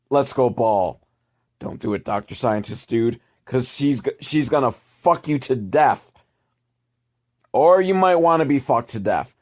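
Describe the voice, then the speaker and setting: Slow, rambling sardonic man. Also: mid-range voice. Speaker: movie reviewer. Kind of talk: casual movie recap commentary.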